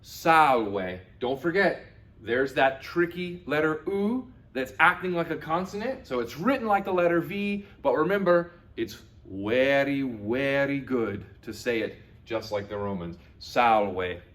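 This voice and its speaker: A man teaching a children's lesson on video, his pitch swinging up and down with lively emphasis. He says each word slowly and repeats it so young learners can follow along. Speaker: Latin teacher.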